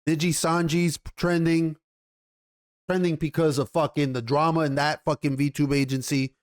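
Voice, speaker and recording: A man's voice: fairly high pitch, level tone, normal speed. Profane, ranting male commentary host. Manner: profane, heated, rambling with restarts.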